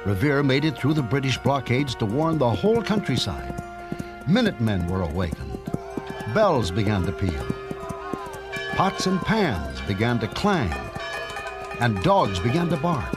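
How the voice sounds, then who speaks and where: Male narrator for a cartoon history story, measured, expressive, clear music underneath. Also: mid-range voice.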